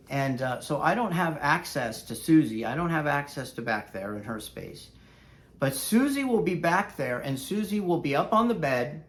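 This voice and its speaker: A man who is a dog trainer, telling a story in a casual vlog, rambling and conversational with frequent fillers. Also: on the high side.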